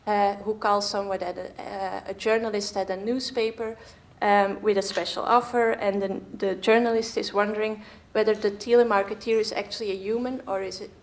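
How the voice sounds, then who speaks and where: Gravelly-voiced woman moderating a conference. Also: medium pitch. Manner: thoughtful, hesitant with fillers. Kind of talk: talk at a conference. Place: theatre hall.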